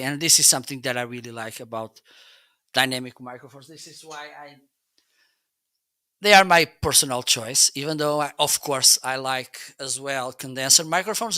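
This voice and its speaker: A man's voice: mid-range voice, normal speed, pushed and bright, dry recording. A man hosting a casual product review livestream, chatty and full of restarts, on a close studio mic. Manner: chatty, repeats "okay?", frequent restarts. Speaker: live-stream product reviewer. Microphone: close dynamic studio mic.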